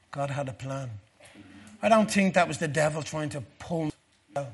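An Irish man giving a personal testimony sermon to a church gathering, earnest, dropping low and slow for the dark parts. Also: slightly rough. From Ireland.

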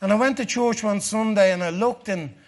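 High-voiced Irish man giving testimony. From Ireland. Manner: earnest storytelling, drops low and slow for dark moments. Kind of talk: personal testimony sermon.

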